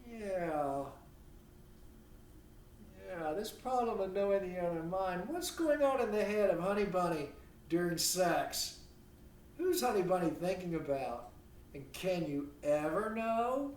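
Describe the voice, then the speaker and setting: Guy giving a lecture, kinda high voice, lots of rhetorical questions, echoey room a bit far from the mic. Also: animated, a little slow, darkish tone, a little hiss or hum. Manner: rhetorical questions, acts out imagined dialogue. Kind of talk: recorded university lecture.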